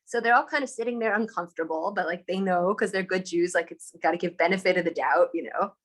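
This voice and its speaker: A woman's voice: medium pitch, a little fast, hardly any pauses. A woman teaching on a live video call, telling a story in an enthusiastic, chatty way. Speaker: Torah teacher.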